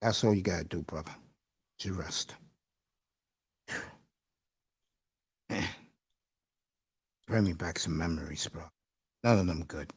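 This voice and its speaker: A man's voice: low-pitched, unhurried, long pauses, slightly rough, no echo, clean studio sound. Rambling man hosting a live stream. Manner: rambling, emotional, calls listeners bro and folks. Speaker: livestream host. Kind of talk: casual livestream chat.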